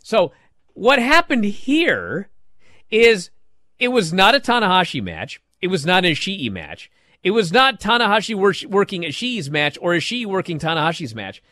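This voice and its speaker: A man on a podcast, chatting excitedly and acting out moments with shouted yells. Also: high-pitched, moderate pace, dry recording, studio quality. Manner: animated, acts out moves with shouted yells. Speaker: podcast co-host. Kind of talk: excited wrestling podcast chat. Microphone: studio microphone, close.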